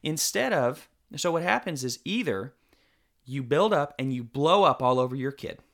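A man's voice: medium pitch, lively intonation, moderate pace, fairly bright tone. Emphatic man co-hosting a faith podcast. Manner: emphatic, argues in long runs of points. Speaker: co-host. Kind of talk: casual podcast discussion.

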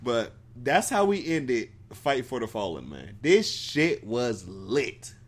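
A man's voice: mid-range voice, sing-song, slow pace. A man co-hosting a podcast, recapping wrestling in rambling casual chat, swearing and laughing often. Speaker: podcast co-host.

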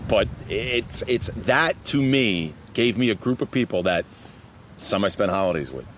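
A basketball referee with a Long Island, New York accent tells stories in a casual interview, animated and laughing often, tossing in "man" a lot. His voice is lowish and moderately paced. He's outdoors in a park, with faint traffic noise behind.

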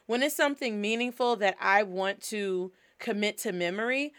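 A woman's voice: mid-range voice, moderate pace, fairly bright tone, smooth. A woman hosting a language lesson in a casual, upbeat teaching style, moving between English and Spanish. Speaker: host.

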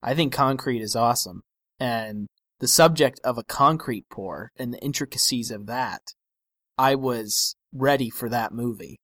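A man's voice: mid-range voice, unhurried, fairly bright tone, no room sound, studio quality. A man co-hosting a film podcast, giving wry, analytical opinions in casual discussion with frequent restarts.

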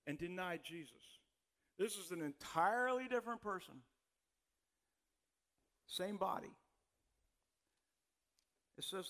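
A man's voice: fairly high pitch, a bit bright. A man preaching a sermon as a pastor in a casual, conversational way, often repeating words as he starts sentences.

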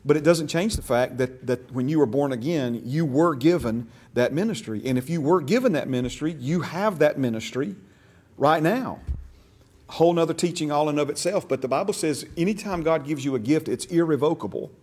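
A man's voice: fairly high pitch, animated, brisk, a little mellow. A man teaching a church discipleship class, stressing key words and asking the class questions. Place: church classroom, also streamed online.

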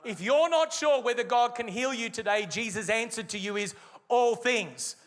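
A man preaches with a high, bright-edged voice, leaning hard on key words and drawing phrases out for weight. He speaks as a pastor addressing a congregation in full sermon mode. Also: in a large hall. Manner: emphatic preaching with slowed, stressed phrases.

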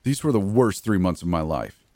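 A man's voice: sits low, big pitch swings, normal speed, darkish tone, no echo. A man voicing a hostile male prison inmate who talks with mocking contempt. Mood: contemptuous. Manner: insulting, contemptuous.

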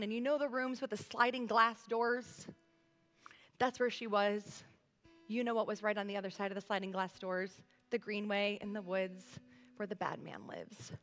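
A woman's voice: mid-range voice, fairly even intonation, moderate pace, a bit bright. A woman in her thirties preaching a sermon as pastor, earnest and conversational, speaking straight to her congregation. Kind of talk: sermon with personal story. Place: church sanctuary. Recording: long hall reverb.

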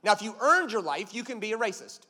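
A man's voice: high-pitched, big pitch swings, quick pace, pushed and bright, long reverb tail. A man preaching a sermon as a pastor, emphatic and punchy, telling stories with jokes.

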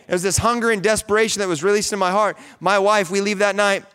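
A pastor in his thirties preaches, carrying his stories through to fervent high points. His voice sits a little above the usual male range and sounds smooth and resonant. He talks in a casual way, full of fillers and restarts. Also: quick pace, hardly any pauses. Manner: storytelling, animated, rising to fervent peaks. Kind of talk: sermon.

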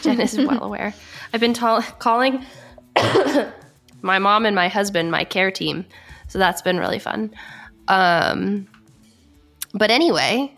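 A woman co-hosting a marketing podcast, her voice raspy and gravelly from weeks of illness, explaining in a relaxed way with many fillers. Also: medium pitch, slow, long pauses, faint music behind. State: sick with a cough. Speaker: podcast co-host. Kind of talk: casual podcast chat.

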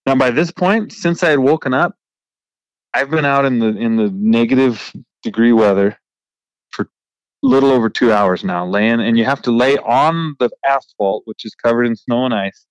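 A man who works as a trucker, hosting a podcast and telling an animated, frustrated story in casual chat with a laugh now and then. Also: mid-range voice, normal speed, clean tone, no echo, poor audio. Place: remote recording.

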